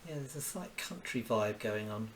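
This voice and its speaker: A man's voice: fairly low pitch, moderate pace, fairly bright tone, slight background noise. A man with a Kent accent chatting casually while drawing a cartoon live, rambling and muttering little exclamations to himself. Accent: Kent English. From Kent, England. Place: home, cooking dinner while drawing.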